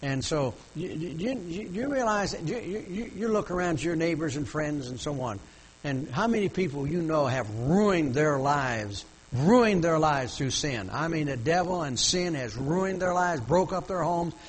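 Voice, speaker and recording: A man's voice: on the high side, expressive, unhurried, a little hiss or hum, poor audio. An older male pastor telling a story in a sermon, folksy and full of restarts, rising to emotional emphasis.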